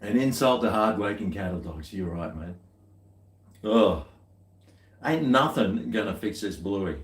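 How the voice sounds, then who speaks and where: A man's voice: on the low side, animated, unhurried. A man chatting casually to camera in a rambling, laid-back way with chuckling asides. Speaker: vlogger. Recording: echoey room.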